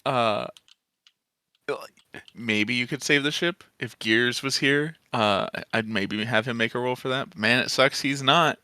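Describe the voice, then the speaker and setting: A man's voice: medium pitch, a little slow, sharp tone, smooth, no echo. A man running a tabletop game as game master, describing scenes casually with lots of fillers.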